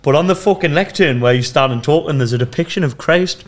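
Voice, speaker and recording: A man's voice: fairly high pitch, fast. A man, a podcast guest telling a funny story in casual chat and swearing freely.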